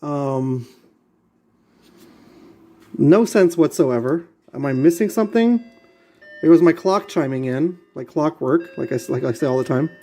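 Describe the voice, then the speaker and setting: A man's voice: a little high, expressive, measured pace, pauses often, warm tone. Exasperated man muttering through a build. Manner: exasperated, muttering, repeating himself. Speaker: vlogger building a model kit. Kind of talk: casual talk while assembling.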